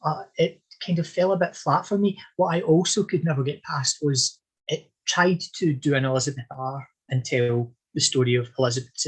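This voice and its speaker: Man, historian guest, husky tone, slightly high voice, discursive and thoughtful. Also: rough recording. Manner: discursive, thoughtful, frequent self-corrections. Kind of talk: conversational podcast interview.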